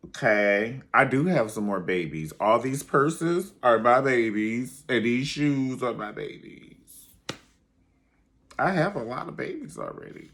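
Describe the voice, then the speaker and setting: A man's voice: mid-range voice, very animated, measured pace, a bit bright. A man giving casual, dramatic commentary on a reality show, sassy and calling the listener honey. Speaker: reality TV reviewer.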